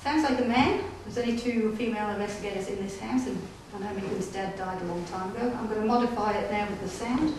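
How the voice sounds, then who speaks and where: A woman's voice: mid-range voice, quick pace, few pauses. Woman, paranormal investigator, chatty storyteller who keeps checking in with the crowd; recorded from a distance in a very echoey room. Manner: chatty, checks in with listeners, laughs often. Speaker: paranormal investigator giving a public talk. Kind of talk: casual storytelling talk to an audience. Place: display day inside an old gaol. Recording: echoey room heard from afar, faint hiss.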